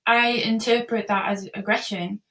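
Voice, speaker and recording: A woman's voice: on the high side, steady tone, moderate pace, fairly bright tone, far from the mic. A woman who is a podcast guest, speaking in an earnest, reflective way in a casual interview.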